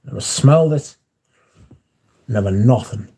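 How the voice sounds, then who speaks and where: A man's voice: mid-range voice, expressive, measured pace, mellow, husky. A man hosting a livestream in casual chat, reading out viewer comments and answering them in a dry, offhand way.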